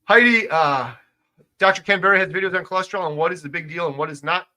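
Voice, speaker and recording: A man's voice: sits high, fast. A middle-aged man hosting a casual livestream, reading out viewer comments and making his points with emphasis. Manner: emphatic, gets loud when making a point. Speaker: livestream host.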